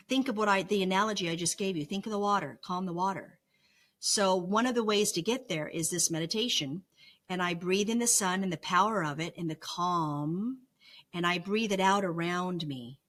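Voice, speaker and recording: A middle-aged woman with a mid-range, fairly bright voice speaks earnestly in a vlog about lessons from her recovery. She coaches the viewer in a reflective, teaching style, repeating phrases and tossing in frequent "right?" asides.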